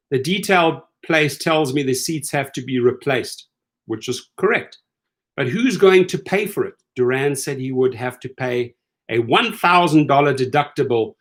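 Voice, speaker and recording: A man's voice: mid-range voice, normal speed. A middle-aged man hosting rideshare commentary in a casual, incredulous rant, acting out the people he quotes. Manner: animated, incredulous, acts out quoted lines.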